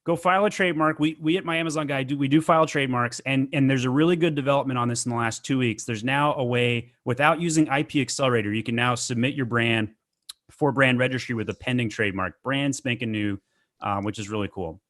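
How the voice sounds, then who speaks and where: A man hosting a podcast interview, talking casually and clearing his throat between points. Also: mid-range voice, a bit bright, no echo. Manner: conversational, clears throat, quick asides. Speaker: podcast host.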